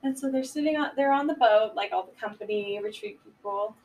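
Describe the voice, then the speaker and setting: A woman casually retelling a film plot on a podcast, laughing often and jumping into loud voices for the characters. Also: a little high, brisk, distant mic, slight background noise, low-quality recording. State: giggly, a bit high. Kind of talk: casual chat.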